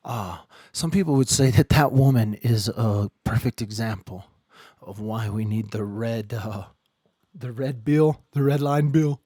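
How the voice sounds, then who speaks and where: A man hosting a casual live stream, rambling and joking, swinging between low muttering and loud outbursts. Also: unhurried, no echo, clean studio sound. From Ireland.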